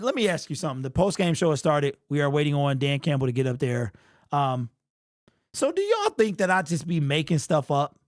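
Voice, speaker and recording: A young man hosting a fan livestream postgame show, talking excitedly and casually to his chat in slang. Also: sits high, dry recording, clean studio sound. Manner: excitable, slangy, talks straight to the chat with lots of "bro".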